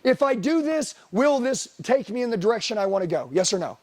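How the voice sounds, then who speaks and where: A man's voice: very high-pitched, very animated, fairly quick, a little mellow. A middle-aged man giving a blunt, profane motivational sales seminar talk, firing rhetorical questions at the room. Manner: profane, blunt, hard-driving. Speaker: sales trainer.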